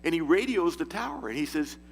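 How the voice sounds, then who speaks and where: A man's voice: on the high side, big pitch swings, brisk, vocal fry. A man giving an informal sermon to a men's group, telling stories in a folksy way with chuckles and false starts. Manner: folksy storyteller, chuckles and restarts often. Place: church meeting room. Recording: echoey hall with faint hum.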